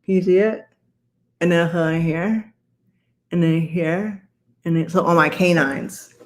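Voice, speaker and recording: A woman's voice: on the low side, measured pace, a little mellow. A woman co-hosting a casual chat with her mother, teasing and playful. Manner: teasing, playful, laughing often. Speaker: co-host, psychiatrist.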